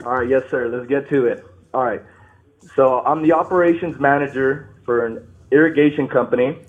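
A nervous, shaky man calling into a show, talking haltingly, apologizing and restarting his sentences. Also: mid-range voice. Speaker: caller. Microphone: phone. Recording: tinny phone line.

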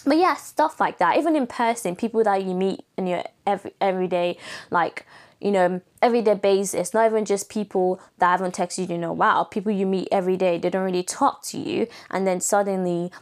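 Young female podcast host with an American-leaning accent, chatty, laughs easily, middle-pitched voice. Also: brisk. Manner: chatty, laughs often, acts out quoted people in higher voices. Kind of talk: casual solo podcast chat.

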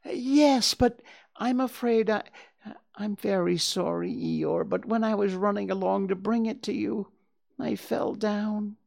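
A woman's voice: medium pitch, a little slow, gravelly, darkish tone. A woman voicing a small, timid young male piglet who stumbles through hesitant apologies. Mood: anxious. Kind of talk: storybook reading.

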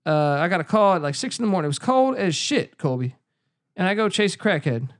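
A man's voice: sits high, big pitch swings, fairly quick. A man hosting a casual podcast, telling stories in a rambling, profane way with lots of fillers. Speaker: podcast host. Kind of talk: casual chat.

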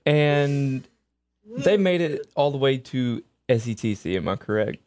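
A man's voice: mid-range voice, animated, unhurried, a little mellow, dry recording. A man hosting a casual podcast interview, easygoing and asking leading questions. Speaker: podcast host.

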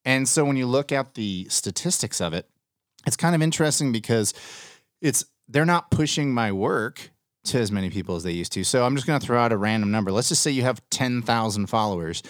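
A man's voice: medium pitch, expressive, normal speed, no room sound, studio quality. A man hosting a casual podcast chat, talking bluntly and ranting with plenty of swearing. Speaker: podcast host.

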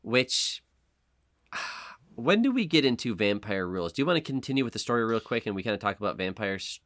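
Male podcast co-host, loose and swearing, bright tone. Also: lowish voice, fairly quick, no room sound, studio quality. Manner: animated, swearing, mocking impressions. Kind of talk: casual chat.

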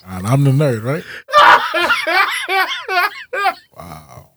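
A man co-hosting a casual podcast, telling a childhood story in a laid-back way, often trailing off softly. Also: extremely high pitch, wildly swooping pitch, extremely slow, heavy background noise. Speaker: podcast co-host.

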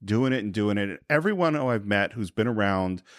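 A man's voice: on the low side, lively intonation, brisk, no room sound, studio quality. A man co-hosting a casual film podcast, thinking aloud in a reflective way. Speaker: podcast co-host.

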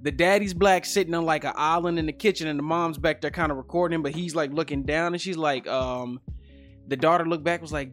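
A man with a slightly high voice retells stories in heavy slang with a dramatic flair. He chats loosely with his co-hosts. Soft music sits faintly behind him. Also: a little fast. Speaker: podcast co-host. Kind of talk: casual chat.

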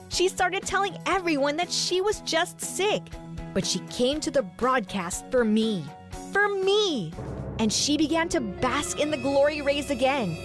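A woman telling a first-person story for a podcast in a dramatic, resentful manner. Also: sits high.

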